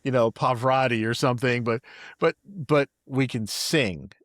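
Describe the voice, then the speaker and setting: A man's voice: mid-range voice, moderate pace, fairly bright tone, no echo, studio quality. A man hosting a podcast interview, who laughs often and repeats words as he talks. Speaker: podcast host. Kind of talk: casual interview.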